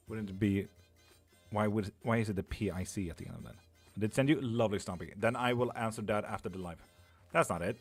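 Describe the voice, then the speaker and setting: A man's voice: on the low side, fast, breathy edge, faint music behind. A man, a tarot reader hosting a live stream, chatting loosely with viewers, swearing and laughing often.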